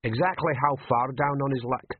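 A man reading an audiobook, voicing a blunt, suspicious thug who talks in a gruff, mocking way. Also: mid-range voice, normal speed, dry recording, phone-quality sound, voice pushed up, close to an everyday voice.

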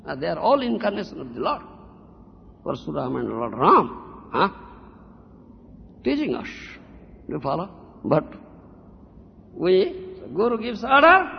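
High pitched gravelly guy preaching at students, lots of huh?, dull old tape, big reverb. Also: slight background noise. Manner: scolding, mocks a disciple's excuses in a put-on voice, keeps asking "huh?". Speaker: spiritual teacher. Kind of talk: devotional lecture.

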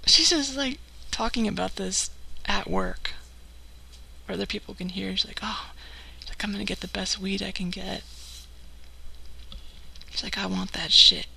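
A woman's voice: medium pitch, very animated, moderate pace, gravelly, pauses often, pushed and bright, slightly rough, rough recording. A woman from California chatting casually on a live stream and telling an anecdote, acting out the people she quotes, with many "like" fillers. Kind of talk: casual storytelling chat.

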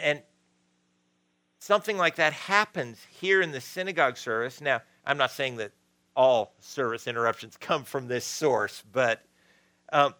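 A man's voice: on the high side, bright, forceful tone, no room sound. A man preaching a sermon as pastor, conversational, with frequent restarts and asides.

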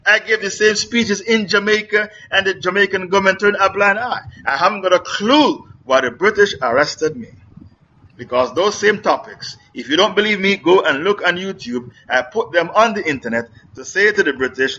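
A man's voice: high voice, expressive, moderate pace, pushed and bright, dull audio. A middle-aged man preaching in a question-and-answer lecture, emphatic and repetitive, firing off rhetorical questions.

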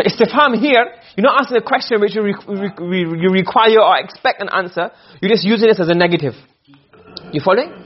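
A man's voice: high-pitched, slightly rough, highs cut off. A man teaching a class, lecturing and explaining points by asking his students questions. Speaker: Arabic rhetoric teacher.

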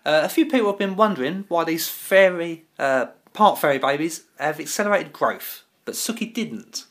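A woman's voice: deep voice, lively intonation, moderate pace. A woman co-hosting a podcast, recapping a TV episode with wry asides and casual swearing. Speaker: podcast co-host.

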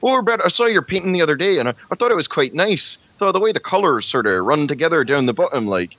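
A gentle, chatty art teacher played by a man in a raised voice heaps soft praise, her pitch lifting in a lilting, sing-song way. The recording is a little dull. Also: very animated, quick pace, dry recording. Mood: gushing. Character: chatty middle-aged female art teacher.

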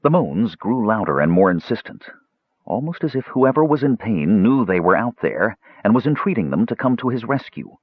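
Deep, husky fantasy audiobook narrator. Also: male voice, very animated, normal speed, dry recording, dull audio.

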